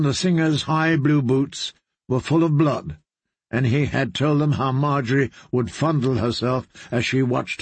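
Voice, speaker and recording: Man reading a dark audiobook, slow and a bit husky, dry sound. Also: medium pitch, no room sound. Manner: measured, grave storytelling. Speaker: audiobook narrator. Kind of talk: scripted narration.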